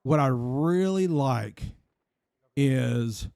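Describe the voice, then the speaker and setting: A man in an online role-play game telling a rambling, deadpan shaggy-dog story in character, repeating the same phrase again and again. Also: mid-range voice, very slow, vocal fry, dry recording, clean studio sound.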